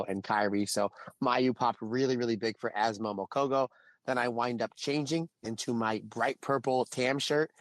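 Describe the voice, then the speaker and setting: A married man co-hosting a podcast, telling a long anecdote in casual chat and acting out the quotes with animated swings in voice. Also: medium pitch, no room sound. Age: adult, married. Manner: animated storytelling with acted-out quotes. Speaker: podcast co-host.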